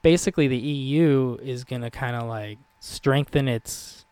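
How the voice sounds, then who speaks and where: A man's voice: mid-range voice, measured pace, darkish tone, clean tone, dry recording. Rambling, profane male podcast co-host. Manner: rambling, profane, laughs often. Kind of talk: casual chat.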